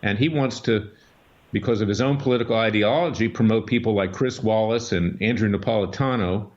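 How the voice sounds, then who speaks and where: A man's voice: fairly low pitch, a little fast, darkish tone. A man hosting a political talk radio show and speaking as a lawyer, with an emphatic, scornful, combative delivery. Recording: dull lo-fi radio audio.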